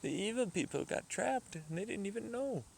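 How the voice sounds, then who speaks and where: A man's voice: sits high, lively intonation, moderate pace, gravelly, a little mellow, slight background noise. A man rambling profanely to himself, talking back to imagined voices in a casual vlog. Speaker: vlogger.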